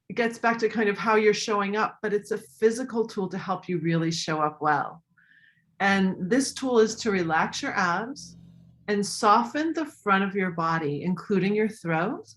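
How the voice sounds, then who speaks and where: A woman coach giving tips in a live online talk, animated, acting out voices as she demonstrates them. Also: mid-range voice, a little slow. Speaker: voice and communication coach.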